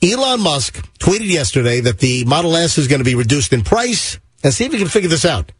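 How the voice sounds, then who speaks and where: A man's voice: on the high side, very animated, husky, no echo. A man hosting a radio morning show, chatting and joking with his co-hosts. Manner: chatty, jokey, quick to laugh. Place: radio studio.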